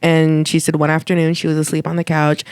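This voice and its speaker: A woman telling a family ghost story on a podcast in a relaxed, chatty way, full of "like" and "you know". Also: deep voice, fast talker, clean tone, dry recording, studio quality. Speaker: podcast co-host. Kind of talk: casual storytelling chat.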